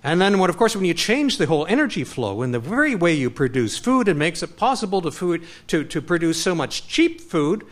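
Middle-aged male lecturer from Canada, impassioned, restless and animated, restarts often. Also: fairly high pitch, fairly quick, hardly any pauses. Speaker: guest speaker. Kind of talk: public lecture.

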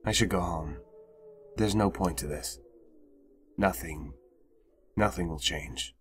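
A man's voice: lowish voice, normal speed, slight background noise, close to an everyday voice. A man reading the lines of a weary young man in a game who doubts his search. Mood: resigned. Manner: subdued, resigned.

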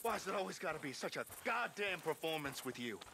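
An actor playing a quick-tempered male ranch hand in a western video game, snappish and swearing. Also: fairly high pitch, very animated, very noisy. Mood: angry.

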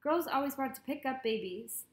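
A bossy boy who leads his gang and talks with easy authority, as a woman reads his lines. The voice sits on the high side and carries some room echo. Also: animated, normal speed. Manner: confident, commanding. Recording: echoey room.

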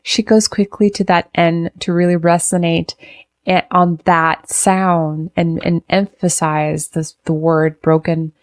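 A woman's voice: fairly low pitch, fairly even intonation, slow pace, no echo, clean studio sound. A woman vocal coach reacting to a performance, analyzing technique and singing short phrases to demonstrate. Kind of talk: reaction video commentary.

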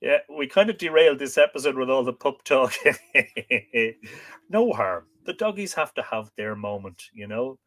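A man hosting a live show. He reads a folklore book aloud and breaks off to chat casually with viewer comments, often hesitating with 'uh'. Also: mid-range voice. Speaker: podcast host.

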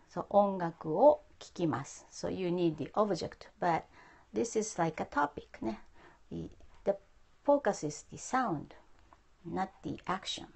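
A woman teaching a live-streamed language lesson. She speaks slowly and patiently, repeating words for her viewers, with a gravelly edge to her voice. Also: mid-range voice, darkish tone. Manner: patient, repeats phrases, mixes English and Japanese. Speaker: Japanese teacher. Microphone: phone.

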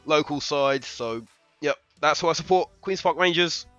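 A young man from London with a London English accent, chatting excitably to viewers and swearing freely while commentating his own football game. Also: a little high, moderate pace, dull audio, soft background music. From London, England. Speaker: gaming streamer. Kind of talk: live gameplay commentary.

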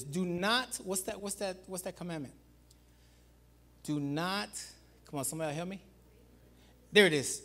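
A pastor preaching a sermon in an animated way, calling out to the congregation and swinging between loud calls and low, quiet emphasis. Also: male voice, fairly quick. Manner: animated preaching, repeats "watch this" and "guys".

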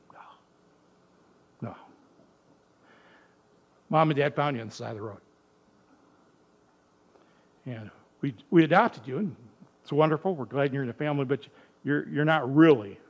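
Animated storytelling preacher, a man. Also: on the high side, lo-fi sound. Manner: animated storyteller acting out voices. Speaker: pastor. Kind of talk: sermon. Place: church.

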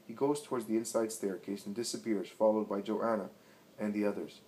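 Low-voiced man narrating a story. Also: fairly even intonation, warm tone, a little hiss or hum, rough recording. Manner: measured, dramatic reading.

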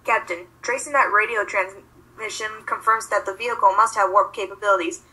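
A woman reading a logical, flat science officer. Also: medium pitch, close to an everyday voice, rough recording. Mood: matter-of-fact. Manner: measured, matter-of-fact.

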